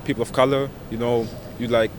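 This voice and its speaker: A young man answers street interview questions in a halting way, stopping often to search for words. He speaks at a middle pitch, and loud traffic noise fills the background. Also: flat delivery. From Germany. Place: city street outdoors.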